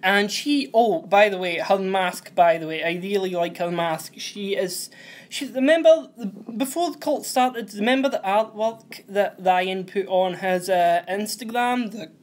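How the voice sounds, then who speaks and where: Young man, host of a recap show; unhurried, rambling delivery, trips over names and corrects himself. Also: sits high. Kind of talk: casual TV episode recap.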